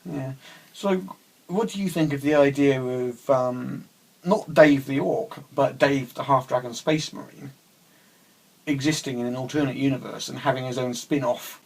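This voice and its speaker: Husky-voiced Englishman chatting hesitantly. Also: mid-range voice, normal speed, a little mellow, low-quality recording. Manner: hesitant, chatty, laughs often. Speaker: co-host. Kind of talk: casual chat.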